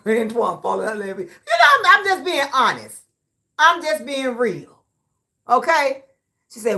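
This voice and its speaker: A woman hosting a livestream, reading viewer comments aloud and trash-talking back with loud laughter. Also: fairly high pitch, sing-song, takes it slowly, pauses often. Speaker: livestream host reading chat. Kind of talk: casual livestream chat.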